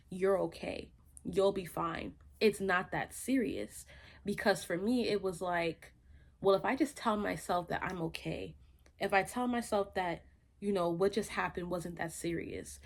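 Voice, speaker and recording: A woman sharing a personal faith testimony in a conversational, reflective way, with many fillers and restarts. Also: fairly low pitch. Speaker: faith podcast host.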